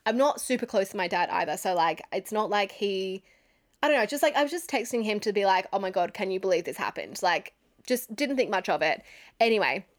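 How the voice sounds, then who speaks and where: A woman's voice: medium pitch, lively intonation, fairly quick. Chatty Australian woman telling a story. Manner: chatty, swears freely, laughs often. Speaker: podcast host. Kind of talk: casual storytelling monologue.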